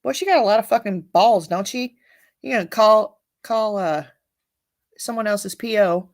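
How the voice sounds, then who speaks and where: A woman's voice: mid-range voice, moderate pace. A woman hosting a casual livestream, reading viewer comments aloud and chatting bluntly, with frequent swearing and laughter. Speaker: livestream host.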